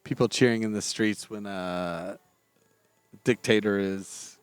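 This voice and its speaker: A man's voice: fairly low pitch, fairly even intonation, takes it slowly, clean tone, no room sound, soft background music. A man from Florida co-hosting a casual podcast chat at night on a back porch, talking in a rambling, hesitant way and correcting himself. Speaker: podcast co-host.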